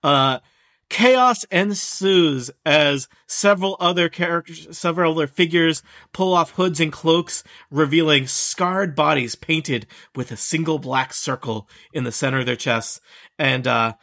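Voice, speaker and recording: A man's voice: on the high side, measured pace, fairly bright tone. A man narrating as game master of a tabletop game, often hesitant and restarting his sentences. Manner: hesitant, many fillers and restarts.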